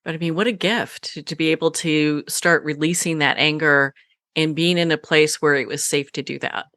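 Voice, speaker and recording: A woman radio host with a bright, clear voice in a dry, close sound. She reflects on what her guest has said in an affirming way. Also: low-pitched, steady tone, normal speed, dry recording. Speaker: radio talk show host. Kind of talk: radio interview conversation.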